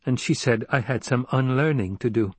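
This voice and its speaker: A man's voice: medium pitch, normal speed, slightly rough, no echo, natural voice. A man voicing an earnest, troubled young male heir who speaks urgently when upset.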